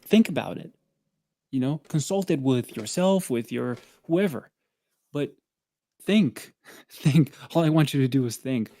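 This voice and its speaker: A man's voice: medium pitch, moderate pace, no room sound. Breathless man chatting between pushups. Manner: animated storyteller, acts out quoted dialogue. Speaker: podcast co-host. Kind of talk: casual chat during a pushup livestream.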